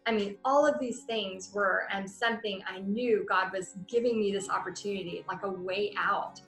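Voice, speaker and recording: A woman in her thirties telling a personal business story in a chatty, animated way, with many fillers. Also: medium pitch, moderate pace. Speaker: paint party business coach. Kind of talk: casual storytelling monologue. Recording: roomy echo with faint music.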